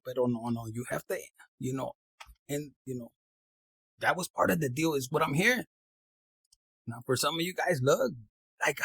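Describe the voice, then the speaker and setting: High, gravelly man. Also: no room sound, low-quality recording. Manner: animated, slangy, mixes in Spanish phrases. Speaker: tarot reader. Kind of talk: casual tarot reading to camera.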